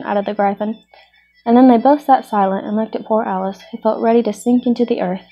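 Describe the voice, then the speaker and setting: A woman reading a storybook aloud in a steady storytelling manner. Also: mid-range voice, fairly quick, breathy edge. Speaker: reader. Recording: muffled lo-fi recording.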